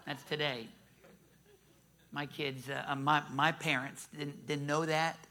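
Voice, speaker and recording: Middle-aged man preaching; bright, tense timbre, emphatic sermon voice. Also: fairly high pitch, little pitch movement, slow pace. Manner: emphatic preaching with rising calls for amen. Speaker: pastor.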